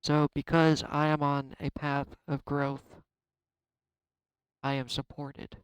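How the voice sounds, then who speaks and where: A man giving a casual tarot card reading, chatty and self-deprecating, thinking out loud. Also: fairly high pitch, completely flat delivery, takes it slowly, smooth, no room sound, poor audio. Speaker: tarot reader.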